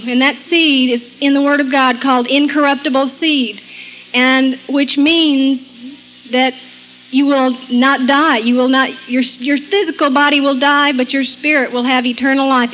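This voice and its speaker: A woman's voice: high voice, steady tone, normal speed, few pauses, a bit bright, lo-fi sound, a little hiss or hum. A woman giving an earnest personal Christian testimony, often laughing between sentences and quoting scripture.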